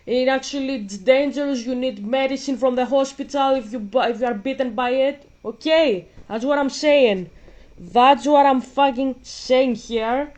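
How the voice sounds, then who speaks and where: A woman's voice: high-pitched, normal speed, darkish tone. A woman vlogger ranting in casual commentary while gaming, blunt and profane, a bit out of breath.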